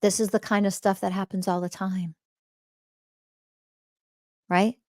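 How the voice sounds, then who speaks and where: A woman's voice: medium pitch, flat delivery, unhurried, darkish tone, no room sound, clean studio sound. A woman podcast host teaching spirituality in a blunt monologue, swearing often and firing rhetorical questions, repeating key phrases for emphasis.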